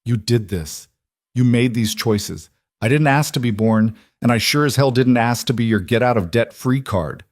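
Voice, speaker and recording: A man's voice: medium pitch, normal speed, no room sound, studio quality, natural voice. A man voicing a defiant, angry young woman who talks back sharply.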